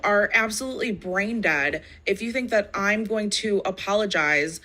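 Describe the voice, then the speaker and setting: A woman in a played stream clip, speaking bluntly and in a measured way. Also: medium pitch, pushed and bright.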